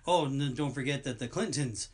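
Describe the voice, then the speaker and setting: A man's voice: mid-range voice, fairly quick, breathy edge. A man co-hosting a podcast in casual chat, rambling and going off on long tangents. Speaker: podcast co-host.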